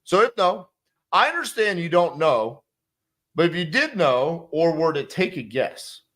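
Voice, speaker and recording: A man with a slightly high voice coaches sales. He is blunt and emphatic and swears freely, and he acts out both sides of a call as he picks a script apart. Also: sing-song, unhurried, a bit bright. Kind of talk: instructional commentary on a sales script.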